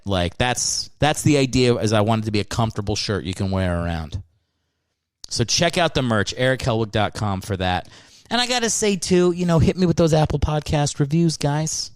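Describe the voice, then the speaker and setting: Dude doing a solo comedy podcast, snarky and sweary, mid pitch, dry sound. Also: male voice, no echo. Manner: sarcastic, profane, riffing. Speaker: podcast host.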